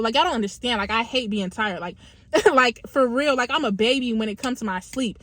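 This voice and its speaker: A woman's voice: a little high, brisk, a bit bright, no room sound. Slangy young woman telling a story. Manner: slangy, profane, conversational retelling. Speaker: vlogger. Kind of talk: casual storytime.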